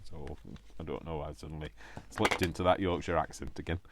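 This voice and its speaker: A man with a deep, low-pitched voice hosts a casual crafting video. He rambles cheerfully and pokes fun at himself. He keeps breaking off to talk to himself as he works at his table. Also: fairly quick, creaky, heavy background noise. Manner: rambling, self-mocking, talks to himself. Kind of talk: casual crafting chat while working.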